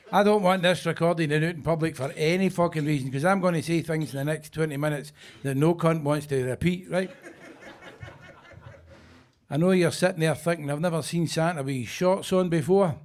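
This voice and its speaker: Gruff sweary older Scottish comic. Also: male voice, a little high. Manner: gruff, sweary, bossing the crowd. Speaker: headline comedian. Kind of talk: stand-up comedy. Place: basement comedy club.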